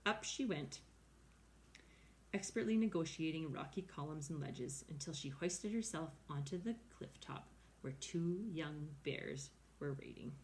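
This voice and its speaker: A woman reading a children's novel aloud in a clear, steady storytelling manner. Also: low-pitched, a little slow, slight background noise. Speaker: reader.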